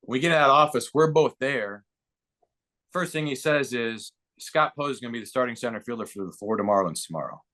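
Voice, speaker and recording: A man in his fifties, a baseball broadcaster and former player, tells stories as a podcast guest, acting out quotes with growing excitement. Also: medium pitch, brisk. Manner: lively anecdote-telling with voiced quotes and rising excitement. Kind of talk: casual storytelling interview.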